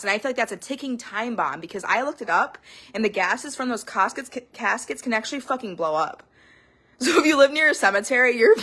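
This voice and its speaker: Animated, profane woman ranting casually. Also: a little high. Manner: animated, profane, rambling storytelling. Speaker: podcast host. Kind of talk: casual monologue.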